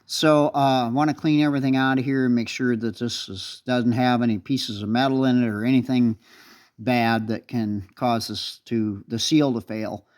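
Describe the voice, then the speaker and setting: A man's voice: medium pitch, fairly even intonation, normal speed, darkish tone. A man in a workshop talking casually through a tractor repair, blunt and rambling, swearing when irritated. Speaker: restoration video maker.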